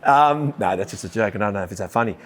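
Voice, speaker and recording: A man with an Australian accent hosting a casual podcast interview, chatty and quick to chime in with agreement. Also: fairly low pitch, lively intonation. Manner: chatty, frequent short "yeah" interjections. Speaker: podcast host.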